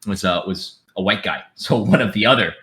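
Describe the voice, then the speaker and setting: Low, bright-voiced man chatting casually. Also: a little fast, a little hiss or hum. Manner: laughs often, acts out quoted friends. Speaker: podcast host. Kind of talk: casual podcast chat.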